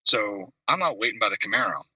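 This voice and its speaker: A man spins an animated story over a video call, his pitch swinging widely as he acts out the people in it. His voice is bright and slightly husky. It sounds dry and a little distant from the mic. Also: quick pace, dry recording, dull audio. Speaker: call-in show host.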